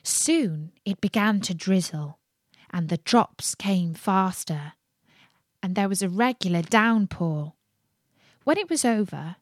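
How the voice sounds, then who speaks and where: A woman reading a fairy tale aloud with expressive, dramatic narration. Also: on the low side, no room sound, clean studio sound. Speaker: storyteller.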